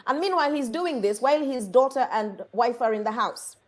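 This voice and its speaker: A woman from Uganda earnestly telling a personal story in a conversation, halting and restarting often. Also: a little high, expressive.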